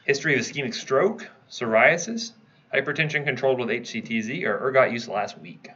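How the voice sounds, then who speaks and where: A man's voice: medium pitch, expressive, brisk, pushed and bright, husky, highs cut off. A man teaching a pharmacology review class, quizzing students and checking in with "right?" as he goes. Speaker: pharmacology instructor. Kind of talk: review lecture.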